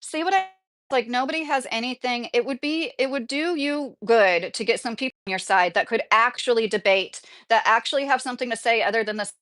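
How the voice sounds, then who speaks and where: Indignant rambling woman YouTuber, high voice. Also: brisk, a bit bright. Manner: indignant, rambling with restarts and frequent "like". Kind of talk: casual political rant to camera, reading comments.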